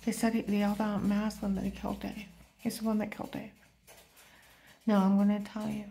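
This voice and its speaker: A woman's voice: mid-range voice, monotone, fast talker, gravelly, mellow, soft background music. Woman in an urgent monologue, dropping to whispers. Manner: drops often into an unvoiced whisper. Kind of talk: rambling spoken monologue.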